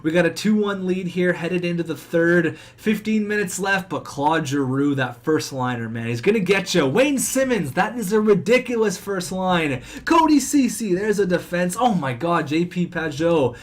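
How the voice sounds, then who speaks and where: Fast-talking young man hyping a hockey game. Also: sits high. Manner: animated, swings between cheering and groaning; talks fast. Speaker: gaming commentator. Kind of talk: excited let's-play commentary.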